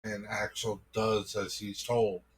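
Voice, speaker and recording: Man, improvised storyteller, slow and husky, rambling casual telling. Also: lowish voice, level tone, rough recording.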